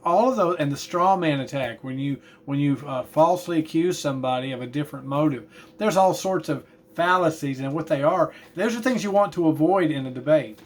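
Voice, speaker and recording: A man's voice: on the high side, brisk. A man teaching a class, talking in a tired, chatty way with asides about yawning. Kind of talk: classroom lecture.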